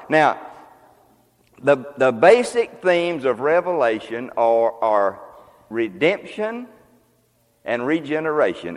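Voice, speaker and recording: A man preaching a sermon to a congregation, folksy and conversational, often asking them questions. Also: medium pitch. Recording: long reverb of a hall.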